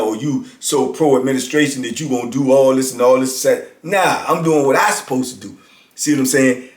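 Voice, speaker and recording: A man in his fifties casually telling a story about prison life, talking conversationally and often checking in with "you know what I'm saying". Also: on the high side. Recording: roomy echo.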